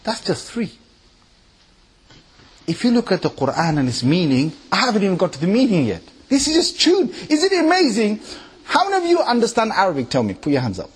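A man delivering a lively sermon to a packed hall of listeners, his voice sitting a little above the usual male range. He keeps throwing rhetorical questions at the crowd and swings between loud emphatic bursts and low, quiet asides. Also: fairly quick, husky. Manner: animated, quizzes the audience with rhetorical questions. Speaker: Islamic preacher addressing a gathering. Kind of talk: lively sermon with recitation examples.

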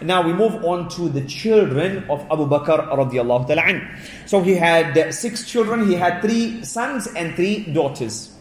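A man's voice: fairly high pitch, lively intonation, moderate pace. A man giving a religious lesson. He explains by repeating himself, uses fillers like "you know" and "et cetera", and reads short Arabic quotes before translating them. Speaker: religious teacher. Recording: roomy recording with faint background noise.

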